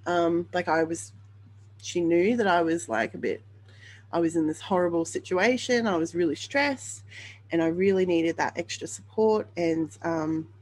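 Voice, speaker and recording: Woman telling her own story on her podcast, kinda low voice, lots of ums and restarts, really open about it. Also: normal speed, darkish tone, low-quality recording. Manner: earnest and open, with frequent ums and self-corrections. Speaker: podcast host sharing her birth story. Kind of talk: candid personal storytelling monologue.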